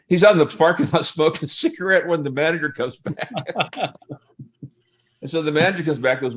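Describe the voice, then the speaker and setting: A man's voice: medium pitch, brisk. An older man, a pastor and guest, telling humorous stories in a casual interview, laughing often and acting out what people said.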